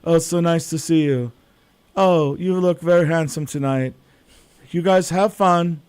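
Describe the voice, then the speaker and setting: A man's voice: on the high side, steady tone, quick pace, warm tone, smooth, lightly acted. A man doing a sweet, formal older mother. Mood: gracious. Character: polite older woman, a friend's mother.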